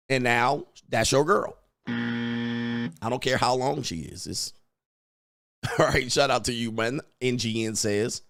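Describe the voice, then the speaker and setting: A man's voice: mid-range voice, no echo, clean studio sound. A man hosting a live stream as a dating coach, rambling crudely, reading viewer questions and putting on mock voices.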